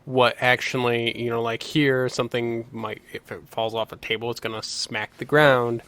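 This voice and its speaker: A man with a mid-range voice co-hosts a casual podcast. He chimes in with relaxed, quick remarks and easy explanations. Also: mid-range voice. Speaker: podcast co-host.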